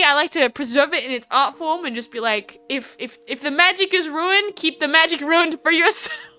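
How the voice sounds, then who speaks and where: A woman's voice: a little high, bright, forceful tone, clear, resonant tone. A young Australian woman streaming live, chatting in a rambling way with lots of fillers and restarts. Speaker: VTuber streamer. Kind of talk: casual livestream chat.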